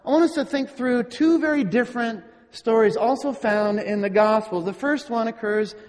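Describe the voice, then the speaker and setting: A man with a strikingly high-pitched voice delivers a sermon in a church, taking his time and posing rhetorical questions to the congregation. His words ring out with a long reverb in a large hall. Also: darkish tone. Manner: slow, deliberate preaching with rhetorical questions. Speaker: pastor.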